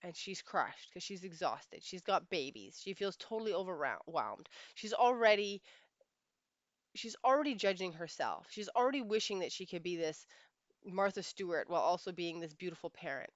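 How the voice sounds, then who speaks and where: Female life coach, emphatic storyteller, slightly low voice, muffled sound. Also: animated, normal speed, no echo. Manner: emphatic, repeats phrases for weight. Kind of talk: storytelling monologue.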